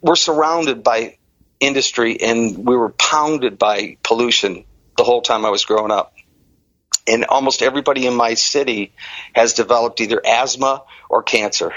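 Animated middle-aged man, dry muffled sound. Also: mid-range voice, normal speed, dry recording. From Detroit area, Michigan. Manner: animated, energetic storyteller who acts out dialogue. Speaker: interview guest. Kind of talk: candid storytelling in an interview. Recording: dry, slightly muffled audio.

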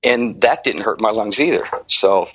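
A middle-aged man from the Detroit area, telling his own story in an interview as an animated, energetic storyteller. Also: on the low side, moderate pace, husky, dry recording. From Detroit area, Michigan. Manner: animated, energetic storyteller who acts out dialogue. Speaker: interview guest. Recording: dry, slightly muffled audio.

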